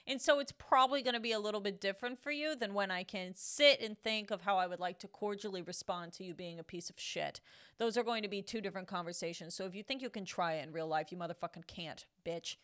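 A woman's voice: medium pitch, fast talker, a bit bright, clean tone. A woman co-hosting a casual podcast chat, agreeable with her partner but frank, swearing for emphasis. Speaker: podcast co-host.

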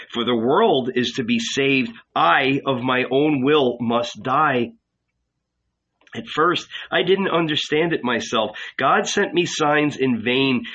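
Guy reading anguished prophet, pleading and intense, bright husky voice. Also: mid-range voice. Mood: gentle. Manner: intense, pleading, rising to fervor. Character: anguished adult male prophet confiding. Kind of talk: audiobook reading. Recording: dull lo-fi recording.

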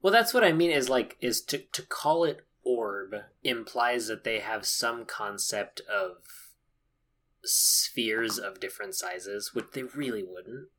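A man chats casually and picks at small details. His voice is lowish and a little husky, with a bright edge and pitch that swings around a lot. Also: animated, slow. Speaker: podcast co-host. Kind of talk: casual chat.

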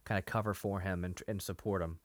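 A man's voice: low-pitched, steady tone, a little fast, no room sound. A man co-hosting a podcast, casually retelling a TV episode, quoting characters and laughing often. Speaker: podcast co-host. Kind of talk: casual chat recapping a TV episode.

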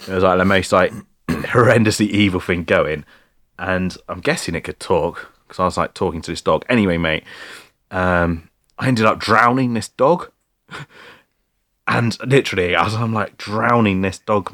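A man telling a story in casual chat, rambling and filling every pause with "like" and "mate". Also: sits low, fairly bright tone. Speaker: podcast co-host telling a story.

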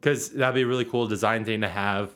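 A man's voice: on the low side, fairly even intonation, brisk, a bit bright. A young man co-hosting a podcast, chatting casually and telling a funny story, laughing through it and swearing freely. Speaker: podcast co-host.

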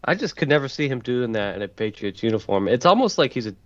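A man's voice: medium pitch, big pitch swings, fast. A man with an ordinary mid-range voice chatting on a sports podcast, laid-back and loose with his swearing. His mic sounds a little dull and muffled. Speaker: podcast co-host. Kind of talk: casual sports chat.

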